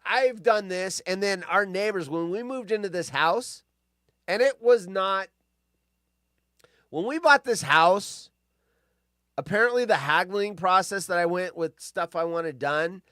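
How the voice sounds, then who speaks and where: A man talks fast and loose while hosting a live stream, reading out odd news items and drifting into his own stories. His voice sits a little high, and it is recorded dry and close with no room sound. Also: pushed and bright, clean tone, no echo. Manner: rambling, swears freely, lots of restarts. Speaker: live show host. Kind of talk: casual chat, reading news stories aloud.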